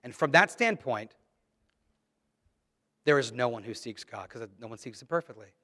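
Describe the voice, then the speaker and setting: A man's voice: medium pitch, animated, normal speed, bright, forceful tone, in a large hall. A middle-aged man preaching a sermon in a church, reading scripture and speaking in an emphatic, conversational way. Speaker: pastor. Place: church sanctuary.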